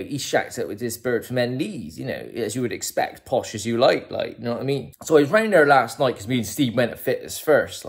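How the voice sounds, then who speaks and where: Rambling man with a broad Bristol accent. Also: mid-range voice. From Bristol, England. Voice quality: broad, rambling, lots of fillers. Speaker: comic character monologist. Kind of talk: comic character monologue to camera.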